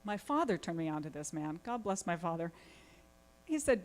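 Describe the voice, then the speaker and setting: A woman family therapist, giving a lively conference talk and asking her audience many questions. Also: lowish voice, moderate pace. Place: conference hall.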